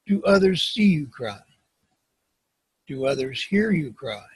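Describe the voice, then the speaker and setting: Slow, husky man reading a self-help book. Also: sits high, dry recording, rough recording. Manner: slow, measured reading with occasional slips and restarts. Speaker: audiobook reader.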